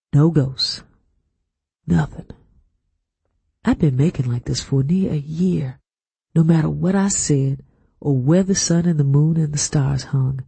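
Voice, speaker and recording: Gravelly, husky male audiobook narrator. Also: on the high side, mellow, no echo. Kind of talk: scripted narration.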